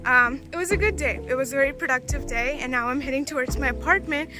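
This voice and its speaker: A young woman with a high, light voice talks casually to her viewers in a student vlog. She sounds chatty and upbeat, and music plays behind her. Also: fast. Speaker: student vlogger.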